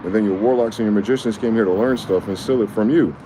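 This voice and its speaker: Low-voiced guy ranting on his vlog, reads a doc out loud then goes off swearing and asking questions, faint car noise behind. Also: quick pace. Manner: angry, profane and confrontational, with rhetorical questions. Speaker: vlogger. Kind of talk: heated monologue reading a document aloud.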